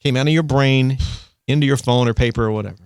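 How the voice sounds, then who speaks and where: A man hosting a radio interview, asking playful, animated questions in casual chat. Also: mid-range voice, fast talker, clean tone, dry recording, clean studio sound. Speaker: radio host.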